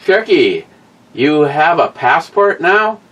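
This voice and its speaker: A man's voice: a little high, very animated, slow pace, a bit bright, lo-fi sound, a little hiss or hum. A laid-back middle-aged man talks casually for his video. He stumbles over his words and apologizes a lot. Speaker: channel host, father. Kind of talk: casual vlog talk.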